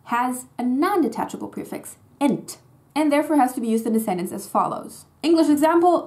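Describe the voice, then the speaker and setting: A young native German speaker teaches a casual, chatty German lesson, explaining grammar in English and stressing her example words. Her high, slightly mellow voice is animated and brisk.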